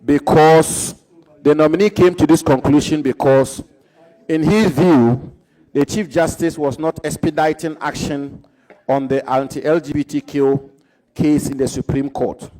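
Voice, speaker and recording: Ghanaian guy grilling a nominee at a hearing, formal and deliberate. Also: on the high side, mellow, rough recording. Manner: formal, deliberate, quotes records. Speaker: committee member questioning a nominee. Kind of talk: parliamentary questioning.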